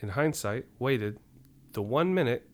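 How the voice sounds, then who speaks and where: A man co-hosting a podcast, telling a story in casual, profane, rambling chat that grows loud and heated. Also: mid-range voice, expressive, a little slow. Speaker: podcast co-host.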